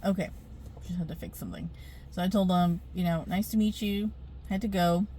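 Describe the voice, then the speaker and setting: A woman's voice: on the low side, steady tone, fairly quick, warm tone, a little hiss or hum. A middle-aged woman telling a rambling storytime vlog into her phone camera, chatty, with many fillers and frequent laughs. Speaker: spiritual vlogger.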